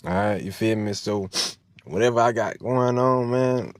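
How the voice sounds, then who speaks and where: A man's voice: lowish voice, a little slow, dry recording. Man, vlogger, emotional, near tears, preachy, profane, dry close sound. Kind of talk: emotional direct-to-camera monologue.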